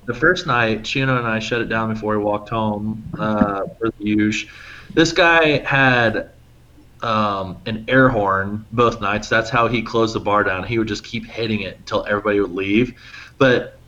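A man co-hosting a podcast, telling stories in a casual, animated way and acting out what people said. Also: moderate pace. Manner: animated, acts out quotes with big pitch jumps. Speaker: podcast co-host. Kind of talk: casual storytelling chat. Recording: slightly muffled lo-fi audio.

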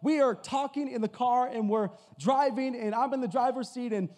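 High-voiced preacher guy from massachusetts, lively joking sermon, echoey church hall. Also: normal speed. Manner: energetic, storytelling preacher with a joking tone. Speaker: pastor. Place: church hall before an audience. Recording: hall with long reverb.

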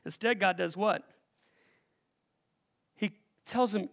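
A man preaching a sermon as pastor, animated and calling out questions to the congregation, acting out the voices he quotes. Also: sits high, moderate pace, vocal fry, long pauses.

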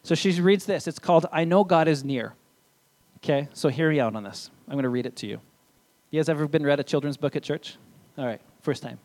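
A man's voice: fairly high pitch, brisk, a little mellow. A young adult man preaching a sermon in church, in a casual, conversational way with asides. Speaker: pastor.

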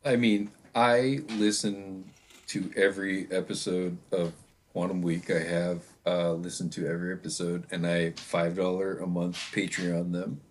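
A man's voice: sits low, little pitch movement, unhurried, a little hiss or hum. A man in a casual podcast chat, talking bluntly with profanity and trailing fillers. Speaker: podcast co-host.

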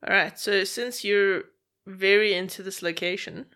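A woman's voice: mid-range voice, steady tone, unhurried, bright, forceful tone. A woman co-hosting a podcast, casually walking through the plot of a series scene by scene. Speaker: podcast co-host. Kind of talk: casual chat, narrating plot.

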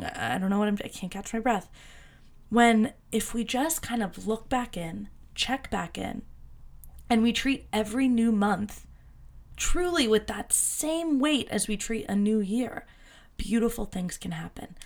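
A young adult woman hosting a solo podcast, talking casually and chattily with lots of fillers and excited self-quotes. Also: medium pitch. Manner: bubbly, chatty, many fillers, quoting herself in excited voices. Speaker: podcast host.

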